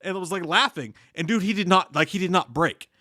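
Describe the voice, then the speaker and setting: Speaking a bit quickly in a high, sharp-toned voice, this American man co-hosts a laid-back live stream. He reads chat comments out loud and tells lively stories full of profanity, all captured in studio quality without echo.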